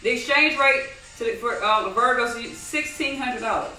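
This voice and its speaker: A woman teaching a live online trading class, animated and repetitive, asking the audience many rhetorical questions. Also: on the high side, moderate pace, reverberant, far from the mic, low-quality recording. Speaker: trading instructor.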